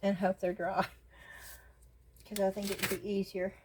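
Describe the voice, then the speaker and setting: A woman with a Southern US accent hosting a casual crafting vlog from her phone camera, gushing with excited exclamations. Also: medium pitch, moderate pace, noisy background. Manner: excited exclamations, says y'all a lot. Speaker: craft channel host.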